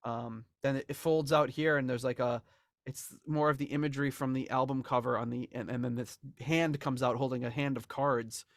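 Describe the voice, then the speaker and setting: Talking about album memorabilia, a male podcast co-host keeps things casual, laughing often and restarting as he rambles. He speaks at medium pitch and normal speed with fairly level intonation, in clean studio sound with no room noise.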